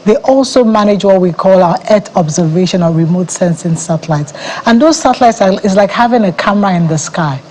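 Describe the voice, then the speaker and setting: A woman's voice: mid-range voice, expressive, a little fast, mellow, slight background noise, low-quality recording. A Nigerian woman, head of an agency, explaining confidently as a guest in a TV news studio interview. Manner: confident, explanatory, laughs easily.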